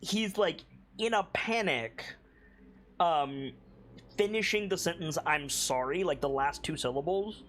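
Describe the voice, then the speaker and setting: A man's voice: on the high side, lively intonation, measured pace, a bit bright, slight background noise. A man running a tabletop game as game master, describing scenes in a laid-back way with lots of "like"s.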